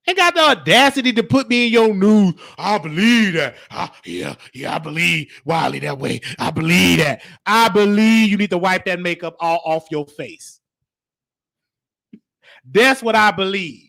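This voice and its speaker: High-voiced teasing man. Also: animated, creaky, a bit bright. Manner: teasing, preachy, drawn-out "honey"s. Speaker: show host. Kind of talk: casual reaction commentary.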